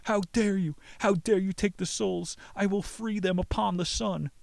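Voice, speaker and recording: A man voicing a huge, enraged male demon who shouts and cackles with scorn, in a dramatized story reading. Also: high voice, steady tone, moderate pace, vocal fry, no room sound, pitched above the performer's own voice. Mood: furious.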